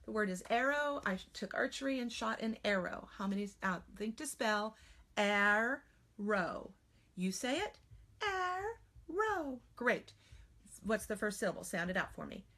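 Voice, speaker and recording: An American woman teaching spelling in a live online class. She talks in a chatty, animated way and sometimes slips into playful silly voices. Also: medium pitch, normal speed. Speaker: spelling trainer.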